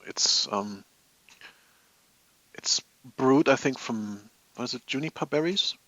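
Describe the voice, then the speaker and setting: This muffled, dry recording with no room sound captures a man streaming his hobby live from a home office. He takes it slowly in a sharp-toned, mid-range voice, rambling amusedly with viewers and chuckling at his own tales.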